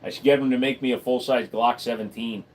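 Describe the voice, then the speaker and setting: A man hosting a casual livestream from a room at home, answering viewers' questions with blunt, deadpan, crude humor. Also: medium pitch, quick pace, slight background noise. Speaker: livestream host. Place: room at home full of computer gear.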